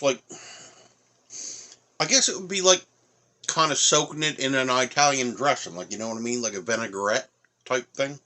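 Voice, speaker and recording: A man's voice: medium pitch, sharp tone. A middle-aged man from Nova Scotia with an Atlantic Canadian accent, chatting casually through a food tasting review with lots of fillers. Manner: rambling, many fillers, talks while eating.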